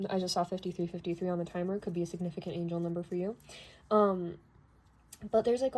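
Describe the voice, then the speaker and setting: A woman's voice: lowish voice, warm tone. A woman doing a casual tarot reading who talks chattily, laughs often and drifts into asides. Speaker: tarot reader.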